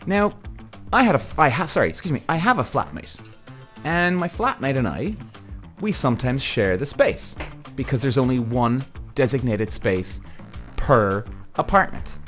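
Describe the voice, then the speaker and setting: Animated ranting male podcast host. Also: mid-range voice, moderate pace, soft background music. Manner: animated, swearing, exasperated storytelling.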